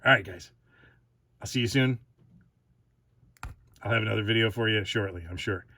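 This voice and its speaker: A man's voice: fairly low pitch, moderate pace, bright, forceful tone. A man hosting his own toy review channel, talking casually, giggling often and restarting his sentences.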